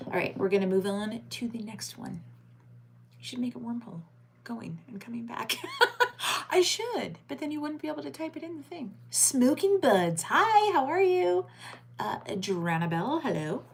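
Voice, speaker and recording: Woman streamer, bouncy pitch, greets chat and reads crime headlines from home. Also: very animated, normal speed, creaky, slightly rough. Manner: chatty, greets viewers by name, reads headlines aloud. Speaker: livestream host. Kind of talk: late-night crime news livestream chat.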